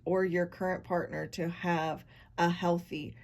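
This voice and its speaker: A woman's voice: lowish voice, little pitch movement, measured pace, noisy background. A woman giving a tarot reading to camera, meandering as she talks straight to her viewers. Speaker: tarot reader.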